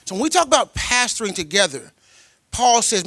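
A man preaching a sermon as a pastor, telling personal stories in a colloquial way, with delivery that swings from loud and emphatic to quiet and tender. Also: very high voice, big pitch swings, a little fast, no room sound, clean studio sound. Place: church.

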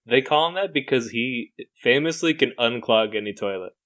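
A man's voice: mid-range voice, animated, moderate pace, a bit bright. A young man co-hosting a podcast, joking and laughing while making up a story with friends. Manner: joking, laughs often, tries out silly voices. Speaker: podcast co-host. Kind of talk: casual banter, improvising a story.

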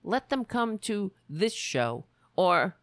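A woman with a raspy voice hosting a political commentary show, emphatic and repetitive, often restarting her sentences. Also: mid-range voice, very animated, slow, no echo, clean studio sound. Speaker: show host. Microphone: home computer setup.

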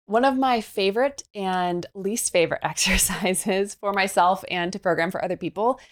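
A woman's voice: mid-range voice, normal speed. A woman fitness trainer, a young adult, explaining exercises as a guest in a podcast interview, upbeat and coaching in tone.

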